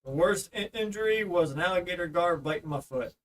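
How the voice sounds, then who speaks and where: A young man reads viewer comments aloud in a plain, matter-of-fact way. His voice sits slightly high, and he keeps his answers short and to the point. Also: animated, fairly quick, a bit bright, poor audio. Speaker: co-host reading viewer questions. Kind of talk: reading chat comments aloud.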